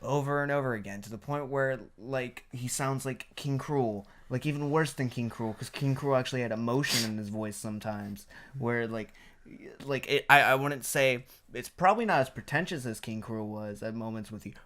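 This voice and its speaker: A man talking on a casual podcast, blunt and profane as he reviews a record. His voice sits at an ordinary pitch, and his delivery gets louder and more heated as he goes on. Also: normal speed. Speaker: podcast co-host, album reviewer.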